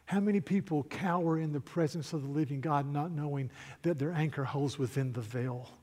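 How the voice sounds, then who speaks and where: A male preacher giving a sermon, reading aloud from a storybook with animated, soft asides. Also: on the high side, normal speed. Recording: echoey hall reverb.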